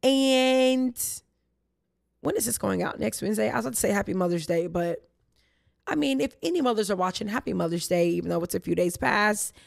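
A young woman hosts a casual faith Q&A podcast, her voice hoarse, raspy and gravelly after losing it. She rambles through tangents in a tired, low-energy way. The sound is dry, with no room to it. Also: lively intonation, a little fast, no echo. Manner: chatty, rambling with tangents and restarts. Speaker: podcast host.

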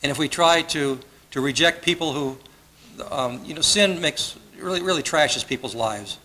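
A man's voice: fairly high pitch, moderate pace, bright, forceful tone, low-quality recording. A man preaching a sermon as pastor, earnest and conversational, often repeating his phrases. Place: church sanctuary.

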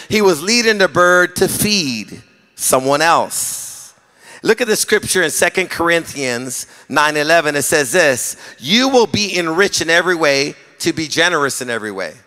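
Middle-aged guy preaching, jokey storyteller, bright voice echoing round a big church. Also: on the high side. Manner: storytelling, animated, jokes with the congregation. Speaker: pastor. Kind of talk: sermon. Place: church sanctuary. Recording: long reverb of a hall.

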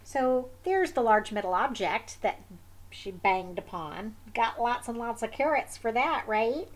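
A woman reading a picture book aloud, gently explaining the pictures to young listeners, with soft whispered asides. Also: on the high side, animated, unhurried. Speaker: storyteller.

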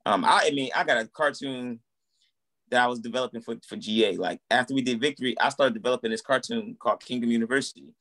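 A man in his thirties tells his story in a relaxed interview. He talks in a loose, chatty way and acts out what people said along the way. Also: mid-range voice, fast talker. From United States. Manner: animated, acts out quoted dialogue. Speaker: guest, musician and minister. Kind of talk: casual conversational storytelling.

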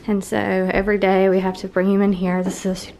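A woman's voice: medium pitch, completely flat delivery, quick pace, mellow, a little hiss or hum, rough recording. A woman, a new mother, chatting casually in a home vlog, tired and affectionate as she talks. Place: home living room.

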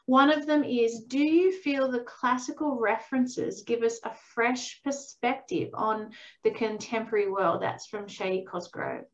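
A woman's voice: fairly high pitch, steady tone, unhurried. A middle-aged woman hosting a book launch, reading out audience questions with effusive enthusiasm and frequent laughter. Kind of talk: moderating a Q&A. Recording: dull lo-fi video call audio.

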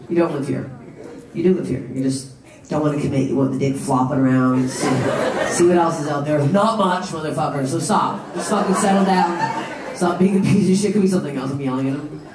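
A woman's voice: on the low side, noisy background. A woman comedian doing brash, profane, teasing crowd work on a club stage. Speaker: stand-up comedian. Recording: echoey live club from a distant mic. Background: loud laughing crowd.

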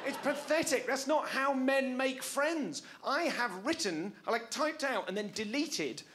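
A man's voice: very high voice, animated, measured pace, fairly bright tone. A man in his forties doing a stand-up comedy set on a club stage, wry and self-mocking, talking back to the audience. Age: 40s.

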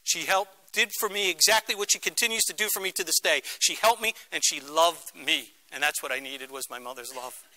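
A man's voice: a little high, a little fast, bright, forceful tone. A middle-aged man from Philadelphia, speaking as a guest lecturer to students and telling a story with dramatic emphasis. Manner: dramatic, acts out quoted voices. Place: university lecture room.

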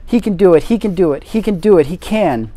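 A man's voice: sits high, animated, brisk, dark tone, no echo. A man doing a stubborn young girl. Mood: excited. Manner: obstinate, breathless.

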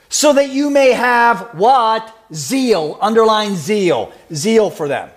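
Lively high-voiced preacher man. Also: normal speed, hardly any pauses. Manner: lively preaching, asks the congregation questions and teases them by name. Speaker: pastor. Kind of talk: sermon.

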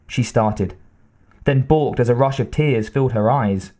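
A man reads an audiobook aloud in a steady, even tone. His voice sits at a middle pitch for a man. He carries the story without rushing. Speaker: audiobook narrator. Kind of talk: scripted narration.

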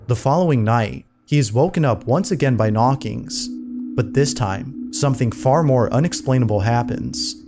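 A man reading scripted narration in an even, measured storytelling manner. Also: mid-range voice, over music. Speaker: narrator of a played compilation video.

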